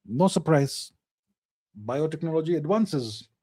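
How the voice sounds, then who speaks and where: Male host, slightly high mellow voice, emphatic repetition, dry close sound. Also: expressive, unhurried, slightly rough, no echo. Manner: reads viewer questions aloud, then answers in short emphatic, repeated phrases. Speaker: host answering live chat questions. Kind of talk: casual live Q&A monologue.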